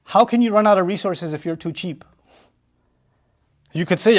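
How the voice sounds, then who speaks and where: A man giving a lecture on Quran verses, animated, asking rhetorical questions and acting out what people say. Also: sits high, normal speed, long pauses. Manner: animated, rhetorical questions, acts out quoted voices. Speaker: Quran teacher.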